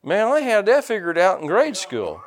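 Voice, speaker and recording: A man's voice: high voice, huge pitch swings, normal speed. An older man, a pastor preaching a folksy, joking sermon and calling out to his congregation.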